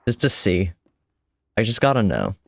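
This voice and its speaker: A man's voice: fairly low pitch, wildly swooping pitch, normal speed, vocal fry, dry recording. A man streaming a game with casual, chatty commentary, wry and self-deprecating, swearing now and then.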